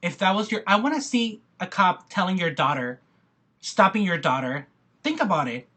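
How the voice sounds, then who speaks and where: Husky, impassioned video rant. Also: mid-range voice, expressive, normal speed, pushed and bright. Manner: passionate, repetitive, many restarts. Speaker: video blogger.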